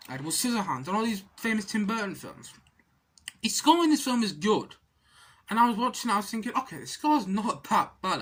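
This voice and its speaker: A woman talks through a film review in a loose, rambling way. She restarts her sentences often and keeps tipping into exasperated rants. Her voice sits in an ordinary middle pitch. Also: fairly bright tone. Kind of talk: casual spoken film review.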